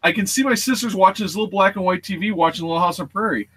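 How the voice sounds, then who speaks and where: Male host in his forties, casual storyteller who acts out voices and sounds; bright, forceful tone. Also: high-pitched, rapid-fire, breathy edge, dry recording. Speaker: show host. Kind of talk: casual chat.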